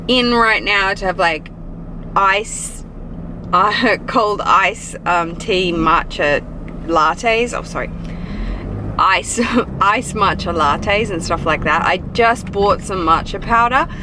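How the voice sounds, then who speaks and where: A woman's voice: medium pitch, background noise. A woman in her thirties with an Australian accent, chatting casually and rambling to camera in a vlog. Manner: chatty, rambling, giggly asides. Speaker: vlogger. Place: in a car, then at home.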